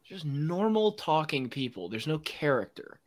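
A man's voice: on the high side, sing-song, unhurried. A man hosting a casual sports podcast, ranting with strong opinions and frequent laughs. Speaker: podcast host.

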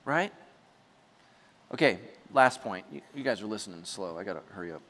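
A man preaching a sermon, telling a story with animated energy and sudden shouts. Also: fairly low pitch, moderate pace, in a large hall. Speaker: pastor.

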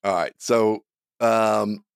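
A man's voice: lowish voice, steady tone, takes it slowly, vocal fry, clean tone, no echo, studio quality. A man co-hosting a casual podcast over a remote call, easygoing and thinking aloud. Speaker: podcast co-host. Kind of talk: casual chat.

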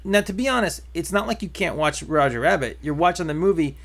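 A man's voice: on the high side, animated, quick pace, creaky. A man co-hosting a podcast, a father chatting casually and joking in a rambling, teasing way. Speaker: podcast co-host. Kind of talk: casual chat.

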